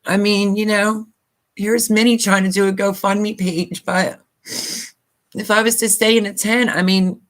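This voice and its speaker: On her live stream, a Pennsylvania woman in middle age talks unhurriedly, her medium-pitched voice fairly even in intonation. The YouTuber sounds choked up and on the verge of crying, offering rambling apologies full of fillers in emotional, casual talk.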